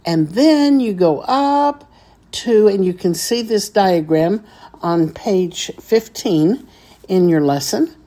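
A woman's voice: medium pitch, lively intonation, takes it slowly, dark tone. A woman teaching a beginners' Hebrew reading lesson, patiently sounding out each syllable step by step.

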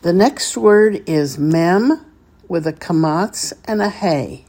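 A woman's voice: on the low side, animated, slow, dark tone. A woman teaching a beginners' Hebrew reading lesson, patiently sounding out each syllable step by step.

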